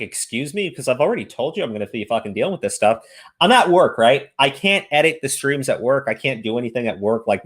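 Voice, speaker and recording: A man ranting profanely in casual stream commentary. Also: medium pitch.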